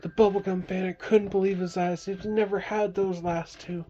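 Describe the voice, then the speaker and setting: A woman's voice: mid-range voice, steady tone, moderate pace, warm tone, slight background noise. A woman telling a playful bedtime story, making sound effects and asking her listener questions. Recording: dull lo-fi recording.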